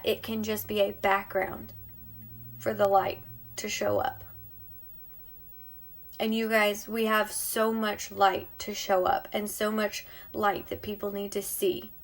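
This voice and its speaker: A beauty vlogger talks on an emotional live stream from her home, heartfelt and encouraging, occasionally lowering her voice to near-whisper. Her mid-range voice barely moves in pitch, and she speaks slowly, pausing often.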